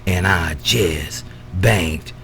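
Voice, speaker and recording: A man's voice: drawn-out words, very noisy. Drawling man signing off on CB radio. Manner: drawling, repeats his sign-off catchphrase, trails off low. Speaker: CB radio operator. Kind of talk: casual CB radio banter.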